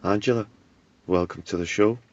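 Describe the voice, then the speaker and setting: A man voicing an awkward politician hosting a talk show, deadpan and easily flustered. His voice is very deep. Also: normal speed, no echo, muffled recording, close to an everyday voice. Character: awkward, put-upon male talk-show host politician.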